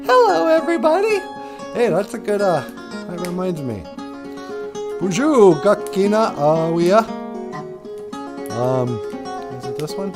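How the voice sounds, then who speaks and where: A man's voice: high-pitched, animated, slow, long pauses. A man hosting a podcast in a laid-back, chuckling manner, fumbling for his words now and then. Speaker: podcast host. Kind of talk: casual podcast chat. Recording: podcast with guitar music behind. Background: guitar music.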